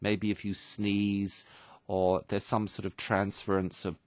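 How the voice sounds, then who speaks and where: A man's voice: lowish voice, monotone, takes it slowly, no echo. A man presenting a radio English lesson, explaining phrases in a patient, teacherly way.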